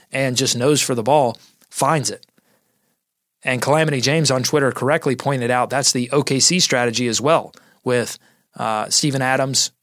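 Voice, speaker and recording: Lively man hosting a sports podcast. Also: medium pitch, no room sound, studio quality. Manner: energetic, quick asides and self-corrections. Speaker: podcast host.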